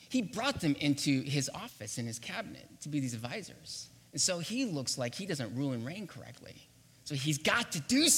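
A man preaching a sermon as pastor, playful and animated, acting out quotes and laughing as he goes. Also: on the high side, husky, big-room sound.

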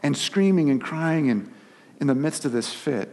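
A man's voice: on the high side, animated, normal speed, a little mellow, in a large hall. A man preaching a sermon as pastor, telling stories conversationally with restarts and filler words.

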